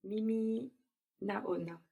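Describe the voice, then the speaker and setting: A woman's voice: mid-range voice, steady tone, slow, gravelly, slightly rough, narrow, tinny audio. A woman answering as a student in a language lesson, tentative and sometimes correcting herself.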